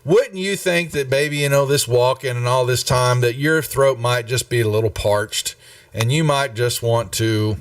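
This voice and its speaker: A male game master narrates a tabletop session slowly, with plenty of ums and restarts. His voice sits a little off the mic, but the room is dry and dead. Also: mid-range voice, no echo, distant mic. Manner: unhurried, rambling with many fillers.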